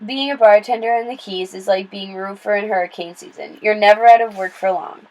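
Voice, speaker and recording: A woman's voice: medium pitch, fairly quick, darkish tone, lightly acted, poor audio. Woman reading as a breezy, tough bartender lady.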